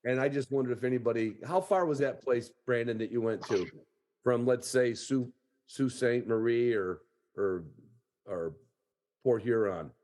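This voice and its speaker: A man's voice: medium pitch, moderate pace, a little mellow. Podcast host, male, mid-range voice, rambling folksy storyteller on a video call. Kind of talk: casual storytelling chat.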